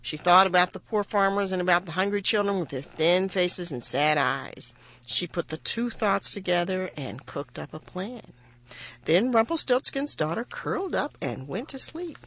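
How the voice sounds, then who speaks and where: A woman reading a children's fairy tale aloud in an expressive, animated way. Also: lowish voice, normal speed. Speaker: storyteller.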